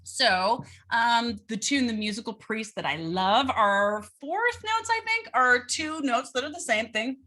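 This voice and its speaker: A woman's voice: on the high side, expressive, a little slow, hardly any pauses, bright, forceful tone. A woman teaching fiddle in a casual online lesson, bubbly and chatty with playful asides, heard over a video call.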